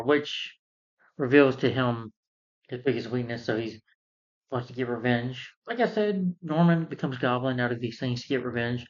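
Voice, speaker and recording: A man's voice: mid-range voice, muffled recording. A man giving a rambling, casual recap of a film as a reviewer. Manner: rambling, with fillers.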